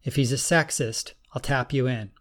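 A man reading an audiobook, voicing a direct, businesslike woman police detective who asks questions briskly. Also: medium pitch, fairly bright tone, close to an everyday voice.

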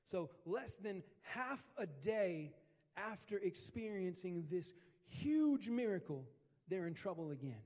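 A male pastor preaching in a chatty storytelling way, dropping casual slang into his sermon. His voice sits high for a man and carries a long reverb from a large hall. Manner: conversational, animated storytelling with slang.

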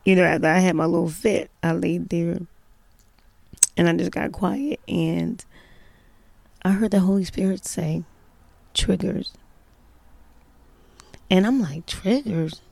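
A woman's voice: lowish voice, moderate pace, gravelly, long pauses, darkish tone, no room sound. A mother telling a personal story in casual, chatty style, emphatic and full of "you know" fillers.

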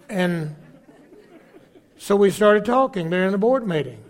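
An older man with a lilt preaches in a fairly high voice, taking his time. He tells his stories unhurriedly, stumbling over restarts and slipping into the voices of the people he quotes. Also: animated. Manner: storytelling, acting out quoted voices, halting restarts. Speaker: bishop preaching. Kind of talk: sermon.

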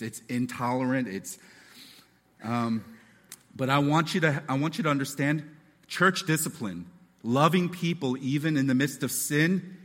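A man preaching a sermon as pastor, animated and acting out voices and quotes as he teaches. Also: mid-range voice, in a large hall.

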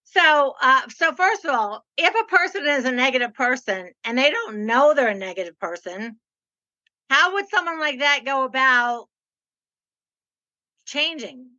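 Bright, high-voiced chatty woman. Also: measured pace, dull audio. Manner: chatty, animated storyteller. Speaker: podcast host. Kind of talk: casual chat.

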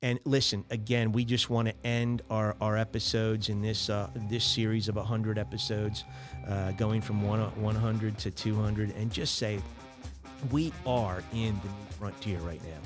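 A man hosting a podcast, giving casual business advice and acting out quoted emails in quick voices. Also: lowish voice, little pitch movement, over music. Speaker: podcast host.

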